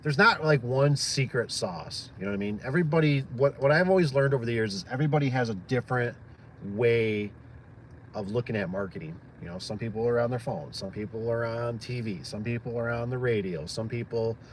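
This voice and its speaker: This Michigan man runs a small business and is live-streaming, chatting in a rambling, friendly way packed with fillers. His medium-pitched voice moves briskly, with slight background noise.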